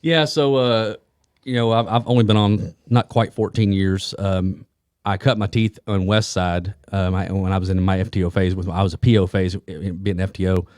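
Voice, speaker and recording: Man, lowish voice, quick rambling storyteller, dry close mic. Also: steady tone, a little mellow, dry recording. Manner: rambling anecdotal storyteller with many restarts. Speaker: police detective and co-host. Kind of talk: casual podcast storytelling.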